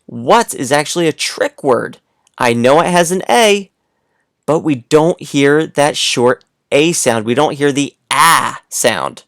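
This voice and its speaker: A man's voice: fairly high pitch, lively intonation, slow, fairly bright tone, no room sound, clean studio sound. A man teaching a read-aloud lesson to young children, playful and coaxing, speaking straight to the listener.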